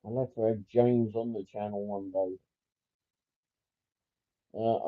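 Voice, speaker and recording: A man's voice: on the low side, fairly even intonation, takes it slowly, long pauses. A man hosting a casual livestream, reading out viewer comments and chatting in a rambling way with lots of fillers. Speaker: livestream host. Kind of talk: casual live-stream chat, reading viewer comments aloud. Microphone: headphone mic. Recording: tinny phone-like sound.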